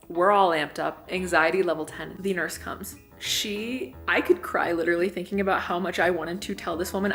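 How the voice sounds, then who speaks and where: A young woman vlogger telling a comedic personal story in an animated way, swearing freely and acting out the people she quotes. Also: lowish voice, brisk, faint music behind. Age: young adult.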